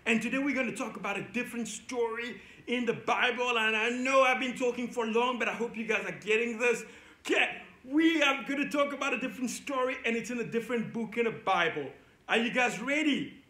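A man with a very high, bright, forceful voice leads a children's Bible lesson with playful energy. He coaxes young listeners into call-and-response chants. The sound rings around an echoey indoor room. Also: fairly quick. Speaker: children's church teacher.

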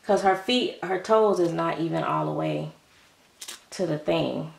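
A middle-aged woman chats away to her viewers in a relaxed, casual way, her lowish voice full of gravelly fry. She is recorded at home on the camera's own mic. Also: unhurried, roomy sound. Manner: chatty, talks to the viewers. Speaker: doll collector vlogger.

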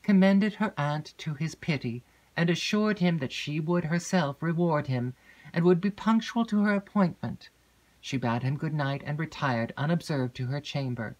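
Woman narrator, measured even reading, classic novel audiobook. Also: low-pitched. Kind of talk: scripted narration.

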